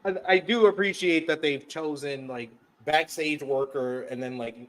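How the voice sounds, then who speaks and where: A man's voice: a little high, steady tone, moderate pace. A man co-hosting a casual wrestling review show, recapping what happened and laughing often as he goes. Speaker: co-host.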